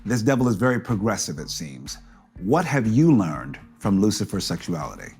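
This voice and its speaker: Lively, effusive male talk show host. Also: fairly low pitch, husky, faint music behind. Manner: effusive, playful, quick to laugh. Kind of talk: casual interview chat.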